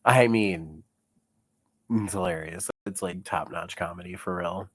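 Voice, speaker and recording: A man's voice: deep voice, unhurried, slightly rough, no echo. A young man with chest congestion, sick, chatting casually through a commentary vlog, chuckling often and rambling with lots of fillers. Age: young adult. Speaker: YouTuber reading comments.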